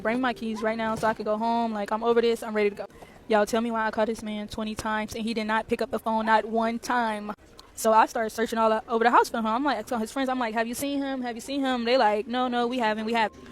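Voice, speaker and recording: A woman chatting through a storytime from an airport, talking straight to her viewers. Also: a little high. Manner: chatty, addresses viewers as y'all. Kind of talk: casual storytime.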